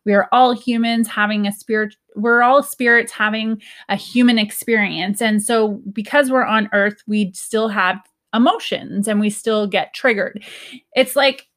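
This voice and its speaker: A woman's voice: fairly high pitch, steady tone, a little slow, a bit bright. A young woman talking to her viewers in a casual, earnest way about healing, often laughing and quoting herself. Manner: earnest, chatty, laughs often, quoted asides. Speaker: spiritual self-help vlogger. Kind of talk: casual personal talk to camera.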